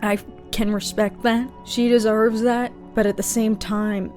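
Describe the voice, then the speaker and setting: A woman with a fairly high voice reacts to a TV episode in a casual, emotional way and speaks straight to her viewers. She takes her time and talks slowly. Faint music plays behind her. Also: little pitch movement, a little mellow. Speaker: TV reaction vlogger.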